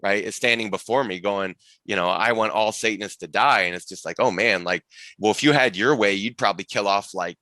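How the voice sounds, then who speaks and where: Bright, rambling male podcast guest. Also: lowish voice, a little fast, dry recording. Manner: rambling storyteller, many restarts and asides. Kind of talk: casual conversation.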